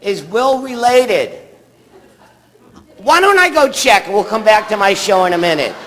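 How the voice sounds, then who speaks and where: A man's voice: high-pitched, big pitch swings, a little slow, a bit bright. A man doing a stand-up comedy set on a theatre stage, rambling through his stories and bantering with the audience. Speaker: stand-up comic.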